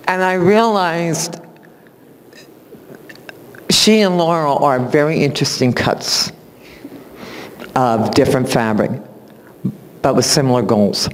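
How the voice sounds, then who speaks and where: A man, a music teacher, giving a spoken introduction at a recital in animated storytelling fashion, acting out what people said and laughing often. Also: a little high, takes it slowly, long pauses, a little hiss or hum. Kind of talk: spoken tribute speech at a recital. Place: recital hall. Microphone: far camera. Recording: long hall reverb from a camera.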